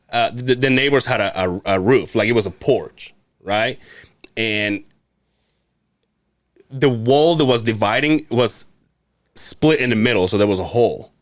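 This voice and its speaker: A man on a podcast telling a story in casual chat, animated and laughing, swearing freely and acting out the other people. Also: medium pitch, no room sound. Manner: animated, laughing, swears a lot, acts out voices. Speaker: podcast co-host.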